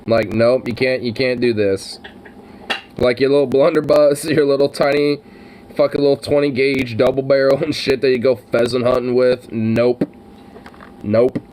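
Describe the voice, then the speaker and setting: A man's voice: mid-range voice, fairly even intonation, normal speed, darkish tone, poor audio. A man in casual, profane podcast banter, rambling with lots of fillers and frequent laughs.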